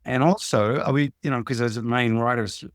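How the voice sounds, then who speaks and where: An older man with an Australian accent, speaking in a relaxed, rambling way as an interview guest. His voice sits at a middling pitch, recorded close and dry with no room sound. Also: moderate pace, dry recording. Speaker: musician guest. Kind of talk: casual interview chat.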